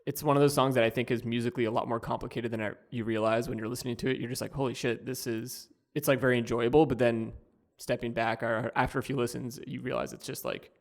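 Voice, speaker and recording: A man hosting a podcast in a studio, chatting casually in a rambling way with many pauses. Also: medium pitch, fairly even intonation, vocal fry. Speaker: podcast host. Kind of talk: casual chat.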